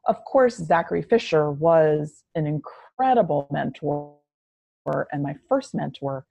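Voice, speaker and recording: A woman answering podcast questions in a measured, reflective way. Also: deep voice, expressive, creaky, dry recording, muffled recording. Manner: measured, reflective, slow delivery. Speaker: podcast guest. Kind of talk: conversational interview answers.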